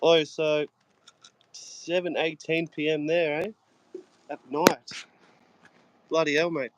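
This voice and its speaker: Laid-back Australian bloke. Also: male voice, on the high side, little pitch movement, slow. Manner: laid-back, swears a lot, laughs often, says mate. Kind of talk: casual chat. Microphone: phone. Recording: faint noise and clicks.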